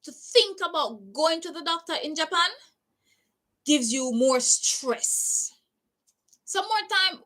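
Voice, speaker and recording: A woman's voice: sits high, animated, slow pace, long pauses, pushed and bright. A woman from Jamaica with a Jamaican accent, telling a personal story in a candid vlog and slipping into Patois phrases. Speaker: vlogger. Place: living in Japan.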